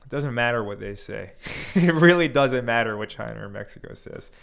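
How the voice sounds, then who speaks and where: A man's voice: mid-range voice, expressive, fairly quick, gravelly, fairly bright tone. A man hosting a livestream, reading viewer comments aloud and talking loosely with frequent fillers. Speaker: crypto livestream host.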